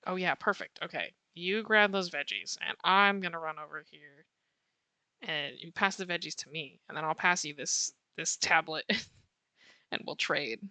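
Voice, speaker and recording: A woman chatting casually with viewers while she sketches on a livestream, answering chat warmly and laughing often. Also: fairly low pitch, a little slow, dry recording. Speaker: art streamer.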